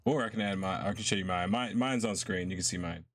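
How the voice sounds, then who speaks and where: A man's voice: low-pitched, fast talker. A young man chatting casually and laughing often while he streams a game. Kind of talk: casual live-stream chat while gaming. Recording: faint game music behind.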